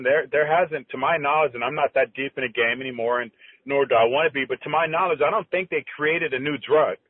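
This middle-aged man, once a competitive bodybuilder, chats as a guest and spins stories, performing the dialogue he quotes. He speaks at a medium pitch with lively energy but stops and restarts a lot, all over dry, tinny phone-line sound.

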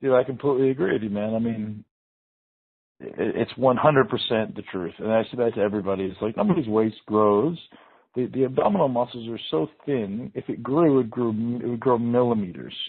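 A man's voice: mid-range voice, brisk, vocal fry, husky. A man hosting a podcast interview, emphatic and casual, often calling his guest "man" and "dude". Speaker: host, bodybuilder. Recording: tinny phone-line audio.

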